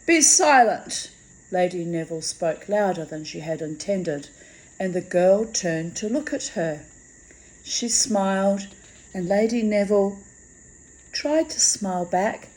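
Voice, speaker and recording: A woman reads a fantasy story aloud. Her delivery is slow and measured. Her voice is mellow and relaxed. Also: medium pitch, low-quality recording. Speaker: reader. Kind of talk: storybook reading.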